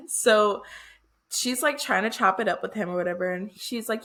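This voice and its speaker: A woman co-hosts a casual book podcast. She retells the plot in an animated way, acting out the characters' lines and laughing along. Her voice sits at an ordinary middle pitch. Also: normal speed. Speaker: podcast co-host.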